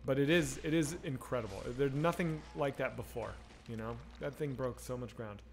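Speaking at normal speed in a gravelly mid-range voice, a streamer reads chat and banters with viewers while gaming. He's rambling, candid and freely profane, and a little hiss or hum sits under the recording.

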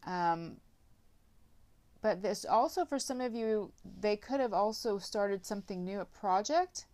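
A woman's voice: medium pitch, animated, unhurried, a little mellow. A woman giving a casual tarot reading, rambling with lots of filler words and some blunt swearing. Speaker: tarot reader.

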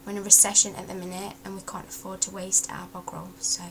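A woman's voice: mid-range voice, flat delivery, fast talker, noisy background. A young woman with a Derbyshire accent, chatting casually in an accent tag vlog and reading out a word list. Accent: Derbyshire English. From England. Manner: chatty, down-to-earth, reading words aloud. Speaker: vlogger.

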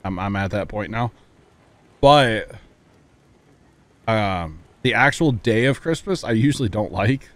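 A man's voice: lowish voice, expressive, a little slow, pauses often, dry recording. A man streaming a game live, chatting casually and thanking viewers, easygoing and reflective. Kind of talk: casual livestream chat.

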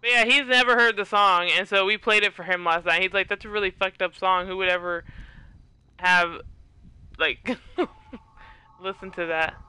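Bright, crisp-voiced giggly woman streamer. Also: mid-range voice, moderate pace, long pauses, dry recording, rough recording. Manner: giggly, teasing, reads chat aloud. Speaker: live streamer. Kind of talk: casual live-stream chat.

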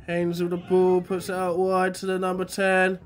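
A man from England, a bit under the weather, doing excitable live commentary on an amateur football match outdoors. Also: sits high, moderate pace, slight background noise. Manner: excitable, shouting at chances, then quiet and matter-of-fact. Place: outdoors at a grassroots pitch.

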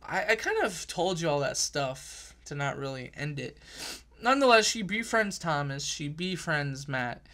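A young man talks through a novel's plot in a loose, conversational review. He backtracks and corrects himself often, with plenty of fillers. His voice sits a little high and sounds bright and forward. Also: very animated, measured pace. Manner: rambling, self-correcting, uses fillers. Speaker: book reviewer. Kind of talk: casual book review.

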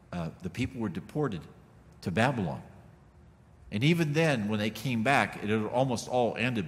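A middle-aged man preaching a sermon in a casual, folksy way, full of asides to the congregation. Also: medium pitch. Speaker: pastor. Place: church sanctuary. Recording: long reverb of a church hall.

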